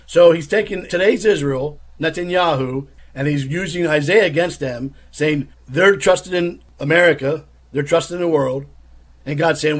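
Husky man arguing in rhetorical questions. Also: a little high, normal speed. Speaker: commentator. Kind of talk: critical religious commentary.

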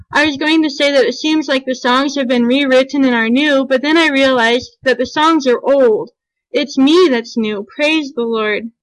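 Woman, high voice, dry close sound, sincere reflective testimony reader. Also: a bit bright, no room sound, poor audio. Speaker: church member giving testimony. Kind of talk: read testimony.

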